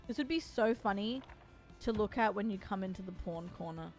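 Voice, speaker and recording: A woman's voice: mid-range voice, brisk, faint music behind. A young Australian woman chatting with her viewers as she plays, playful and familiar, calling them doll and babe. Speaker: streamer. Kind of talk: casual live-stream chat while playing.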